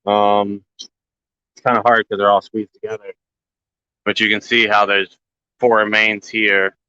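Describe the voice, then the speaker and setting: A man's voice: lowish voice, flat delivery, unhurried, sharp tone, clean tone, dry recording, dull audio. A man hosting a casual walkthrough vlog, rambling and joking, short on sleep. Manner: rambling, jokey, talks to his plants. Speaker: grow channel host.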